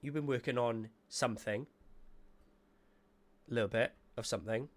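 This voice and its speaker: Male host, mid-pitched, chatty and rambling, casual panel talk. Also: moderate pace. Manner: chatty, meandering, self-correcting.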